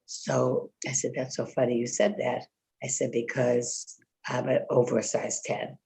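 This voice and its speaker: Gravelly older woman telling a rambling story. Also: rumbling low, level tone, unhurried, warm tone. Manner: rambling storyteller, full of fillers and quoted speech. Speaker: congregant. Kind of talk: casual chat.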